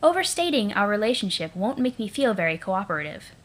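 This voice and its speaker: A woman's voice: medium pitch, big pitch swings, a little fast. A woman voicing a poised, sassy female troll. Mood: dry. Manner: dry, sassy, composed.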